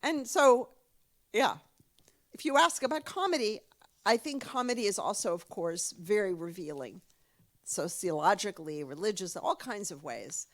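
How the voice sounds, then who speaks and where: A woman's voice: mid-range voice, normal speed. A woman with an American accent giving a public lecture, telling jokes animatedly and repeating phrases as she thinks. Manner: animated, laughs at own stories, repeats phrases.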